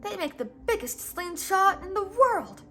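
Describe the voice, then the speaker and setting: A woman reading a storybook aloud, voicing a rude young boy who shouts in a shrill voice. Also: very animated, measured pace, faint music behind, exaggerated voice. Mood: jeering.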